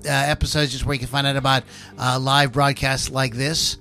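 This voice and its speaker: Rambling bright-voiced male podcast host. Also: mid-range voice, level tone, brisk, faint music behind. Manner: rambling, many fillers and restarts. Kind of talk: casual chat.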